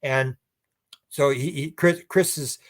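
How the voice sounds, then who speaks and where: A man's voice: medium pitch, takes it slowly. Man telling a rambling story. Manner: animated, rambling, acts out quoted speech. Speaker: guest researcher. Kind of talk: storytelling in a conversational interview.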